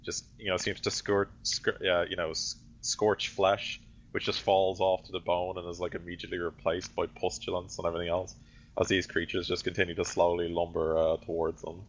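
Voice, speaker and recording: A man's voice: low voice, completely flat delivery, brisk, lo-fi sound. A man narrating a tabletop role-play game as game master, rambling through his descriptions with lots of fillers and self-corrections.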